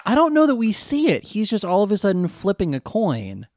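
A man's voice: high voice, huge pitch swings, a little fast, darkish tone, dry recording, studio quality. A man co-hosting a casual chat podcast, recapping an episode with frequent laughter and goofy character voices. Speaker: podcast co-host.

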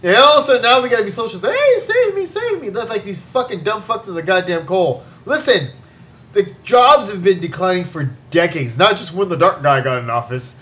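A man's voice: high voice, lively intonation, brisk, fairly bright tone. A man hosting a podcast, ranting with heavy swearing and exasperation in casual chat. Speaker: podcast host.

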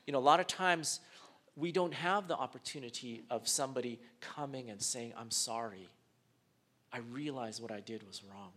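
A pastor preaching a sermon, animated, dropping to a hush and then rising loud as he acts out rude strangers. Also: medium pitch.

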